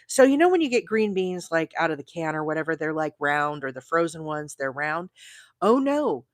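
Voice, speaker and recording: A woman from Arizona hosting a crochet livestream, rambling chattily and reading out viewer comments, with bursts of high, excited emphasis. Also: normal speed, no room sound, studio quality. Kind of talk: casual live-stream chat.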